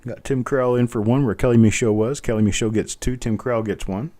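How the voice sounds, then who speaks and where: A middle-aged man hosting a live online coin auction, chatty and joking, calling out bids in a steady, repeating rhythm. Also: medium pitch, quick pace. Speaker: auctioneer host.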